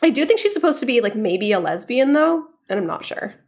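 A woman's voice: fairly high pitch, sing-song, brisk, darkish tone, slightly rough. A woman co-hosting a book podcast in casual chat, recapping a movie in a conversational way. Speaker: podcast co-host.

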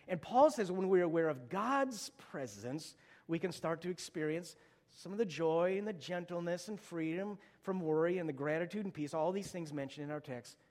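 A man's voice: on the high side, lively intonation, moderate pace, darkish tone, long reverb tail. A middle-aged male pastor preaching a sermon, telling stories conversationally and rising to urgent exhortation.

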